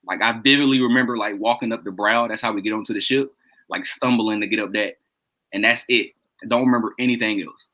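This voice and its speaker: Bright-voiced man telling a rowdy story. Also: on the low side, quick pace, low-quality recording. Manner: animated, laughs often, acts out quoted dialogue. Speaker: podcast co-host telling a story. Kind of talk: casual storytelling among friends.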